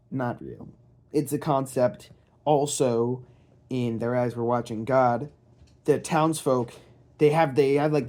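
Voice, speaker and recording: A man's voice: mid-range voice, darkish tone. A young man hosting his own channel, talking casually at home in a rambling, hesitant way with many fillers and restarts. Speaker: channel host. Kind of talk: casual vlog commentary.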